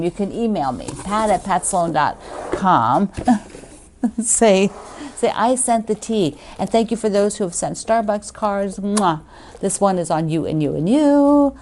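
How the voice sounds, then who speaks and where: A woman's voice: medium pitch, darkish tone, a little hiss or hum. A woman hosting a quilting video, chatting casually and gushing as she opens fan mail, laughing often. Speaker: quilting show host.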